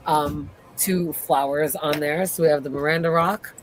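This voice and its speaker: Podcast co-host, casual recap, acts out quotes, lively, faint hiss. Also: medium pitch, moderate pace. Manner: animated retelling, acts out quotes.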